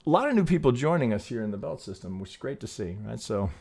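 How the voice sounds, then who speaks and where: A man's voice: medium pitch, sing-song, fast, vocal fry, a little mellow. A man hosting a trading channel, walking through charts in casual, rambling talk, often asking "right?" and restarting sentences, with blunt, salty asides. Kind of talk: casual chart analysis walkthrough.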